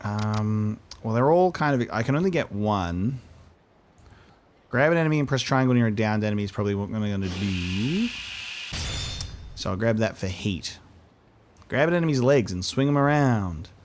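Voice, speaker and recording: A man's voice: lowish voice, normal speed, long pauses, slight background noise. A man hosting a let's play, chatting casually and jokily while he thinks aloud through a game. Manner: animated, jokey, thinks aloud. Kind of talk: casual gameplay commentary.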